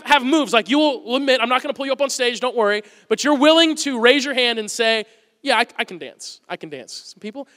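A man's voice: extremely high pitch, pushed and bright, in a large hall. A man in his thirties preaching a sermon to a congregation, telling stories about himself with humor. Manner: storytelling, self-deprecating humor with the congregation. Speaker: pastor.

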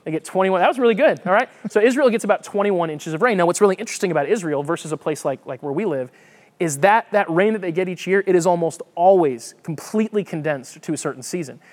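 A man's voice: sits high, quick pace. A man preaching a conversational sermon, reading scripture and explaining it with frequent restarts. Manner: lively, conversational, repeats words while thinking. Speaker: pastor.

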